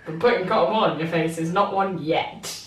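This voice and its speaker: A woman's voice: lowish voice, a little fast. A young woman co-hosting, teasing and bantering playfully. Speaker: cosplay video co-host. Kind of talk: casual banter. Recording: echoey room, mic far off, faint hiss.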